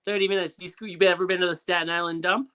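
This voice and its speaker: A man from Canada hosts a podcast with a bright voice. He tells stories in a loose, rambling way, full of fillers and restarts. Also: high voice, little pitch movement, very fast, smooth. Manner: rambling storyteller, many fillers. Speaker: podcast host. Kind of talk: casual chat.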